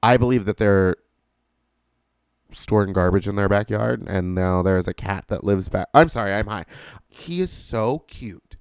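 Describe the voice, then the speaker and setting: A man hosting a podcast, delivering a casual comedic monologue with profane ranting and sudden shouted outbursts. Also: lowish voice, unhurried, creaky, clean tone, dry recording, studio quality. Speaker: podcast host.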